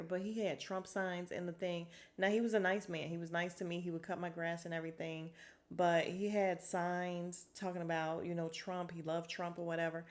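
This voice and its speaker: Chatty woman recapping TV. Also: lowish voice. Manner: chatty and exasperated, acts out cast members' lines. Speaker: podcast host recapping a reality show. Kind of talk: casual solo recap.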